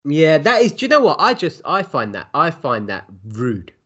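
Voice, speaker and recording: A man co-hosting a podcast, telling stories about a friend with lively laughter. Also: a little high, moderate pace, slightly rough, highs cut off. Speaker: podcast co-host. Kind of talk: casual podcast banter.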